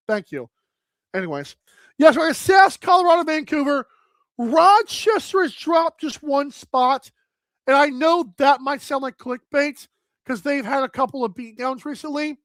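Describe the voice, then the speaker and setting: A woman hosting a live sports talk stream, chatting casually and thinking out loud with lots of filler words as she addresses viewers. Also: sits high, dry recording. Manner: chatty, thinks aloud with many "like"s, addresses chat. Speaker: sports talk show host.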